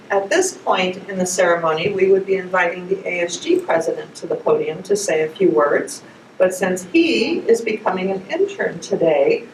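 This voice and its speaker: Low-voiced woman hosting a ceremony, echoey. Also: slight background noise. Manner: measured, formal, reading prepared remarks. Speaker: ceremony host. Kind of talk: ceremony hosting and prepared speech. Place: ceremony hall, at a podium. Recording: echoey hall, far from the mic.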